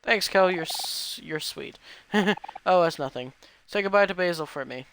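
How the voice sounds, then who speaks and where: A man's voice: sits high, moderate pace, vocal fry. A man reading the lines of a kind, caring teenage girl in a near-plain voice. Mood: gentle. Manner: reads game dialogue aloud. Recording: noisy recording.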